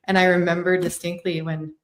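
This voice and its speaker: A woman's voice: lowish voice, little pitch movement, fairly quick. A woman hosting a podcast interview, sharing her own experience in an empathetic, reflective way. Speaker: podcast host. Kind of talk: conversational interview.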